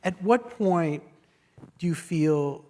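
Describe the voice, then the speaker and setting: A middle-aged man interviewing a guest onstage in a theater, asking halting questions full of restarts. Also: a little high, lively intonation, warm tone. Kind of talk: onstage conversation. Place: theater stage before an audience.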